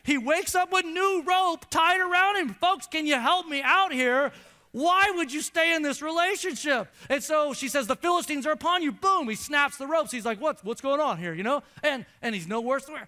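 A man's voice: very high voice, pushed and bright. A male pastor preaching a sermon to a congregation, emphatic and repetitive, drawing out words to make his point. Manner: emphatic, repeats phrases, slows down for emphasis. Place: church before a congregation.

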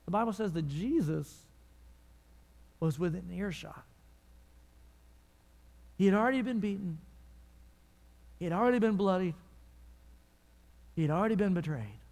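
A man preaching a sermon in a church, telling the story dramatically and dropping from loud to hushed. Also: high voice, lively intonation, moderate pace, creaky, pauses often. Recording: long reverb of a large hall.

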